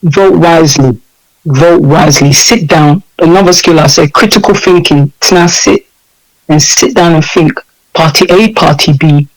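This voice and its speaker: High-voiced, emphatic English man. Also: measured pace, low-quality recording. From United Kingdom. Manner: emphatic, repeats points, animated. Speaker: interview guest. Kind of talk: impassioned interview talk.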